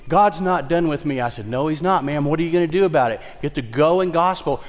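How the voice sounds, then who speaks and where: A man pastor with a Southern twang preaching a sermon, swinging from loud, fired-up exhortation to hushed storytelling. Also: on the high side. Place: church sanctuary. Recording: long reverb from a large hall.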